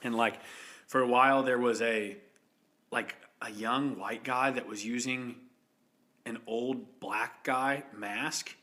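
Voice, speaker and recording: A man's voice: mid-range voice, steady tone, slow pace, bright, forceful tone. Jokey rambling man podcast co-host. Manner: jokey, rambling, lots of fillers like "like". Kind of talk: casual podcast banter.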